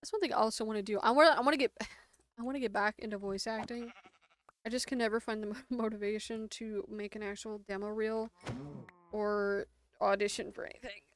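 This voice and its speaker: A woman's voice: mid-range voice, fairly even intonation, a little fast, slight background noise. A young adult woman streaming a game and chatting casually with a sore throat. She rambles, uses lots of "like" fillers, and laughs often. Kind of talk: casual chat while gaming.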